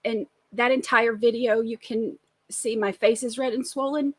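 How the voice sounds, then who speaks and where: A woman's voice: on the high side, fairly even intonation, moderate pace, no room sound. A middle-aged woman, co-hosting a casual live recap show, chatty and emphatic. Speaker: co-host of a trial recap show. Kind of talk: casual live-stream chat.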